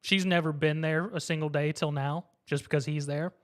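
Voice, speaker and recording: A man recapping an anime episode in casual chat, lively and quick to laugh, acting out the characters' lines. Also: on the high side. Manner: animated retelling, acts out characters' lines, laughs often. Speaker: podcast co-host.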